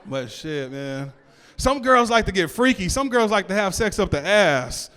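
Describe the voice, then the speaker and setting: A man's voice: high-pitched, very animated, a little slow, bright, forceful tone, smooth. A man doing stand-up on a club stage, loose and conversational, who also freestyles raps. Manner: loose, conversational, lots of "you know what I'm saying". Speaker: stand-up comedian. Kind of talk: stand-up set with freestyle rap. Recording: hall reverb with music.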